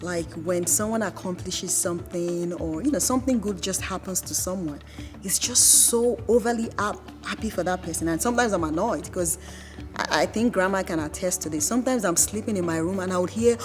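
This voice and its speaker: Woman telling lively stories. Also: fairly low pitch, a little fast, music in the background. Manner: lively storytelling, acts out quotes. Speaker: wife. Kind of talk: documentary interview.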